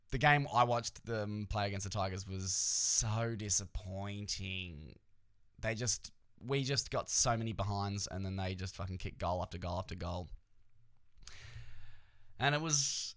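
An Australian man with a lowish voice, talking casually on his own podcast. He rambles and swears a lot, and he keeps throwing jokey asides at the listener. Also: a bit bright. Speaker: podcast host. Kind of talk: casual solo podcast chat.

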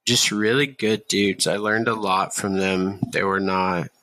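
Gravelly, slow-talking man in his thirties. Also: deep voice, steady tone, sharp tone, dry recording. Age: 30s. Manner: laid-back, swears freely, many fillers. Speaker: podcast guest. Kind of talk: casual storytelling.

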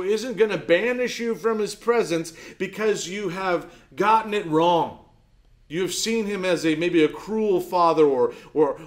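A man preaching a sermon as pastor, conversational and earnest, telling stories and dropping to a soft, low voice for his key points.

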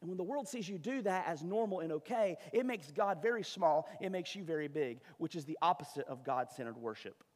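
A high-voiced pastor preaches with emphatic, conversational energy and frequent asides. His voice rings out with the long reverb of a big hall. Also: animated, fairly quick, hardly any pauses. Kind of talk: sermon.

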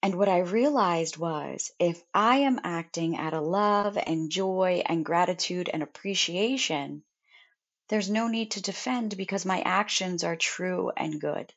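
A young woman, a mother, talking earnestly and deliberately about gratitude in a reflective self-help monologue. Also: fairly low pitch. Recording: dull lo-fi sound.

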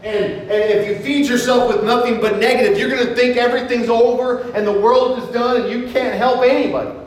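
A middle-aged male pastor preaching a sermon, earnest, slowing down for scripture quotes. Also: very high voice, fairly even intonation, slight background noise. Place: church sanctuary. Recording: echoey hall, mic in room.

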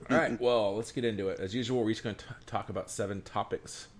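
A man's voice: lowish voice, fairly even intonation, normal speed. A man co-hosting a casual movie podcast, laid-back and laughing often as he talks. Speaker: podcast co-host.

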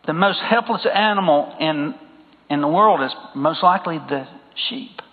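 A man with a fairly high, husky voice preaches a sermon at a normal speed, emphatically repeating phrases and putting questions to the congregation. The recording sounds phone-like, with a long hall reverb.

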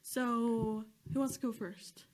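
A young woman with a fairly high voice hosts a relaxed podcast chat. She rambles through anecdotes and giggles often between lines. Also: slow. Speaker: podcast host. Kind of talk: casual chat.

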